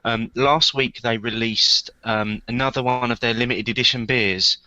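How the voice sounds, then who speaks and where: A man's voice: mid-range voice, steady tone, normal speed, pushed and bright, no room sound, lo-fi sound. A man co-hosting a casual podcast chat, talking hesitantly with many ums and repeated words. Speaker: podcast co-host.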